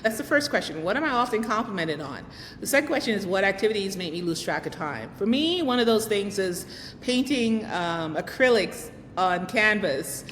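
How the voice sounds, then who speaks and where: A woman's voice: animated, normal speed, fairly bright tone. A woman hosting a vlog, giving chatty, encouraging advice and putting questions straight to the viewer. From United States. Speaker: vlog host. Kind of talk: casual advice talk to camera. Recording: long reverb, faint rumble.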